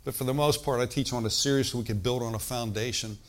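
A man's voice: medium pitch, fairly even intonation, quick pace. An older man, a pastor, teaching a sermon in an easygoing, talky way and often checking in with the congregation. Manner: conversational preaching with frequent call-and-response asides.

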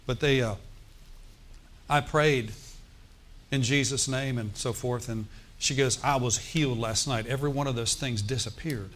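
A man pastor telling a story in a sermon, animated, with asides and quoted dialogue. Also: mid-range voice, unhurried.

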